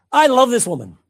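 A man's voice: extremely high pitch, a bit bright. A man preaching a sermon, reading scripture and calling out emphatically to his congregation.

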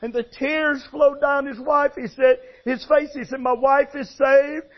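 A pastor quoting a fervent old preacher. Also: male voice, very high voice, fairly even intonation, measured pace, pitched above the performer's own voice. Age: 80s. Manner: earnest, fervent. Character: elderly male preacher giving his testimony. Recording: dull lo-fi sound.

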